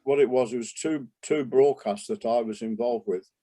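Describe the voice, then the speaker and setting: Older man, mellow reminiscing voice. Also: medium pitch, normal speed. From England. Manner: rambling, with many restarts and asides. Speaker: interview guest, jazz trumpeter. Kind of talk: relaxed reminiscing interview talk.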